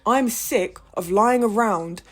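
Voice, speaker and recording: A woman, talking frustratedly and emphatically in a heated personal monologue and swearing often. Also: slow pace. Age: 20s. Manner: impassioned, with big swings in pitch and loudness. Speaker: vlogger.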